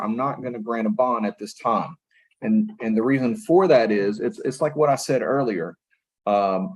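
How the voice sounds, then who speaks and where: A man's voice: medium pitch, breathy edge, poor audio. A man serving as magistrate judge at a first appearance hearing, speaking firmly but patiently and repeating himself to keep the defendant listening. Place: courtroom.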